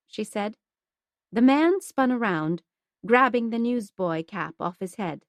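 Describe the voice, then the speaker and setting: A woman's voice: a little high, lively intonation, unhurried, dry recording, studio quality. Woman narrating a historical novel. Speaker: audiobook narrator. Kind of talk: scripted narration.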